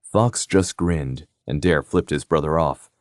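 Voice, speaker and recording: A man narrating a romantic suspense audiobook in a steady, even reading. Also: very deep voice, unhurried, dry recording, clean studio sound. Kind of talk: scripted narration.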